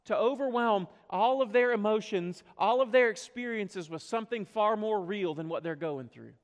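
Earnest high-voiced preacher in a reverberant hall. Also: male voice, normal speed. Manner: earnest, swells and drops, rhetorical questions. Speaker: pastor. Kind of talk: sermon.

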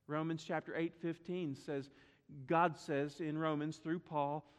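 A pastor preaches emphatically to his congregation in a church sanctuary, repeating words for stress and putting questions to the church. His fairly high voice is smooth and unhurried with fairly even intonation, and a long hall reverb surrounds it.

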